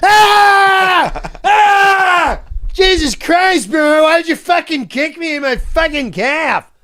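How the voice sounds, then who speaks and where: A man impersonating a brash, competitive comedian friend who shouts and swears excitably. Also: very high voice, slow pace, pitched above the performer's own voice, exaggerated voice. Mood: outraged.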